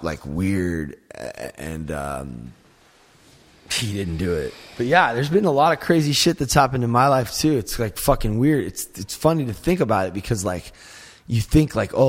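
A man in casual chat, telling rambling, profane stories packed with "like" and filler. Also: on the low side. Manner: rambling, profane storytelling, heavy use of "like".

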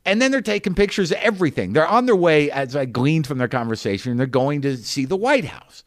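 A man hosting a podcast, telling a rambling, incredulous comic story with quick restarts. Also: a little high, big pitch swings, dry recording, studio quality. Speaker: podcast host.

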